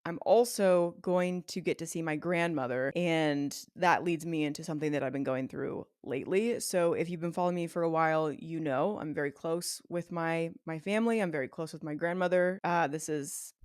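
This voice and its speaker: A young woman from Virginia, talking candidly on her own podcast, chatty and emotional, swinging between excitement and tears. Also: sits low, normal speed, hardly any pauses, dry recording, studio quality. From Virginia, USA. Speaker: podcast host. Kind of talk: solo stream-of-consciousness podcast chat.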